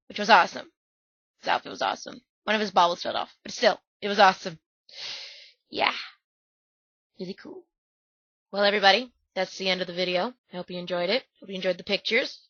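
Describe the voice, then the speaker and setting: A young woman gushing through slideshow commentary, squealing with excitement, her throat sore and strained. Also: mid-range voice, no echo. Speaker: vlogger. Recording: dull, dry lo-fi recording.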